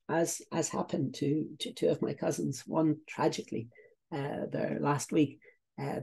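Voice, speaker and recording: Irish male business coach, gravelly and husky, repeats himself and checks in with "okay?". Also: a little high, dark tone. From Ireland. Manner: repetitive, tags points with "okay?" and "uh, there" fillers. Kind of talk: online training webinar.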